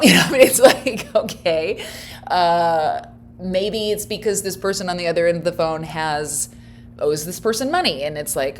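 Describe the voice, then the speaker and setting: A woman giving casual, wry commentary as she reacts to a video clip, laughing often and thinking out loud. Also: on the low side, normal speed, slight background noise.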